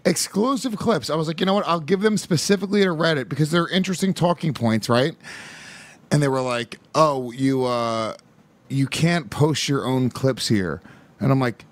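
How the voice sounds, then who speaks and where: A man's voice: on the high side, big pitch swings, fairly quick. A man co-hosting a podcast, joking sarcastically in casual chat. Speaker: podcast co-host.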